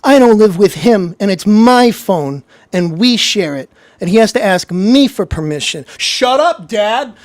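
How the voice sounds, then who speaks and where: A man's voice: sits high, lively intonation, measured pace, few pauses, no echo, studio quality, pitched above the performer's own voice. A man doing a whiny self-pitying grown man. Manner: whining, ends lines with "eh?".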